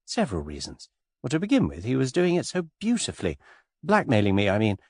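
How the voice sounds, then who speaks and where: A man's voice: mid-range voice, huge pitch swings, fast, no echo, studio quality. Man doing a breezy, teasing society lady. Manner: airy, teasing, softly amused. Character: breezy, witty young English society woman.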